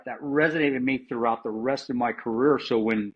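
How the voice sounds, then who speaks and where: A man's voice: mid-range voice, moderate pace, hardly any pauses, breathy edge, highs cut off. A middle-aged American man, a former Army Ranger, telling his story in a plain-spoken way with many restarts and some swearing. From United States. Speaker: interview guest, former Army Ranger and security contractor. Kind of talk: candid conversational storytelling.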